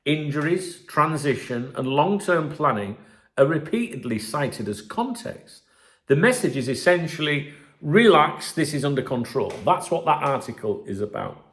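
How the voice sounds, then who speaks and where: A channel host gives casual commentary while reading out analysis, animated and chatty, often checking in with "right?". His voice is a little high, his pace moderate, and the sound reverberant.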